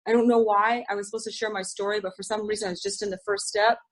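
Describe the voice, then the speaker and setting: This middle-aged woman talks fast in a gravelly, sing-song, mid-range voice, captured on a rough recording. Sharing at a recovery group, she opens up confessionally, curses without restraint, and often starts sentences over.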